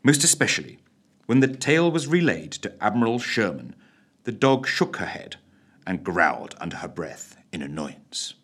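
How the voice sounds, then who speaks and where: Male narrator, theatrical bedtime storytelling, low and husky. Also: normal speed. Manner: expressive, theatrical.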